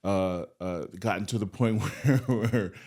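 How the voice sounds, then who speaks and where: A middle-aged man co-hosting a podcast in a casual chat, talking in a relaxed, hesitant way with many pauses. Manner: hesitant, easygoing, with fillers and a deep laugh. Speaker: podcast co-host.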